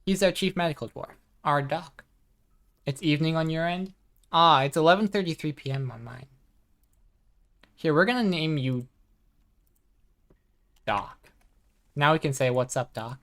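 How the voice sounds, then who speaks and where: Low-voiced woman chatting while gaming. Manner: chatty, soft-spoken, reads chat aloud. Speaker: streamer. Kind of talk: casual live gaming chat.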